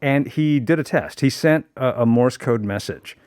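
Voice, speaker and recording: A man's voice: mid-range voice, moderate pace, darkish tone, no room sound. A man presenting a segment on a radio talk show, explaining things in a playful, storytelling way from a studio microphone.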